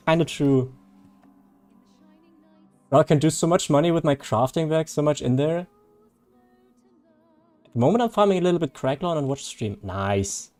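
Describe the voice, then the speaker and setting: A man's voice: fairly high pitch, animated, measured pace, pauses often, darkish tone, soft background music. A man chatting casually on a live game stream, reading viewer chat, joking and laughing often.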